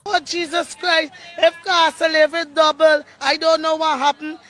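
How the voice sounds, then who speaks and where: A woman's voice: high voice, little pitch movement, moderate pace, a bit bright, a little hiss or hum. A woman in a played clip complaining in exasperation about prices.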